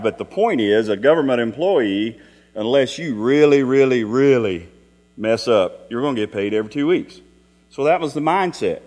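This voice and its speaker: A man's voice: medium pitch, expressive, normal speed, darkish tone. A middle-aged man gives a Sunday evening sermon, mixing everyday stories with rhetorical questions to the congregation. His voice sits in a middle register. It rings out in a reverberant church hall over a faint electrical hum. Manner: folksy storytelling with rhetorical questions. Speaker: preacher.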